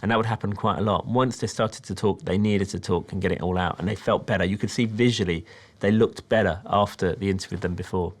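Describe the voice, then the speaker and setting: British guy, film director, lowish voice, thoughtful measured explaining. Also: steady tone. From Britain. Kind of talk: interview about his documentary.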